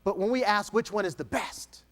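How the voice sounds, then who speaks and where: A man giving a motivational keynote speech, asking rhetorical questions with dramatic pauses. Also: high voice, lively intonation, fairly bright tone, big-room sound. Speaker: keynote speaker.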